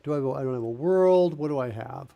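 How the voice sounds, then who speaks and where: A man's voice: mid-range voice, fast talker, gravelly, lo-fi sound. A man streaming a live coding session, thinking aloud as he types and corrects himself. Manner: thinking aloud while typing, self-correcting. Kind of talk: casual live-coding narration.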